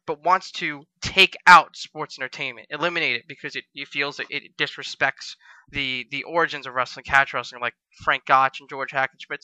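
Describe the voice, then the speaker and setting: Fast, bright-voiced man telling stories. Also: a little high, dry recording, low-quality recording. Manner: animated, acts out quoted voices with profanity. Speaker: podcast co-host, wrestler. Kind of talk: casual podcast storytelling.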